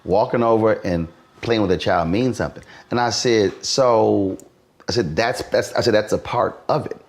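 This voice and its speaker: A man's voice: on the low side, normal speed. A man hosting a conversational interview, telling stories and acting out what people said to him. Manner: animated storyteller, acts out quotes. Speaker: host.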